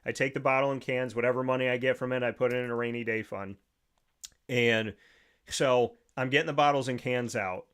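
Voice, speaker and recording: A man's voice: medium pitch, steady tone, fairly quick, fairly bright tone, clear, resonant tone. A man hosting a sports talk show, telling a long personal story in a casual, rambling way with many restarts. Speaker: show host.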